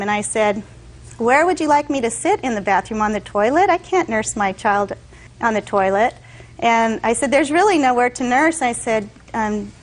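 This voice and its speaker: A woman's voice: a little high, low-quality recording. A woman testifying as a defendant in court, telling her side in long detailed stories and acting out what others said.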